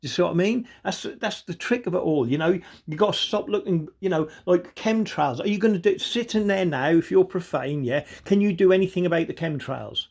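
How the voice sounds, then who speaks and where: A man's voice: high voice, fairly quick, creaky, few pauses. A man delivering an angry, sweary monologue, constantly asking "do you know what I mean". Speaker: video commentator. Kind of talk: ranting monologue.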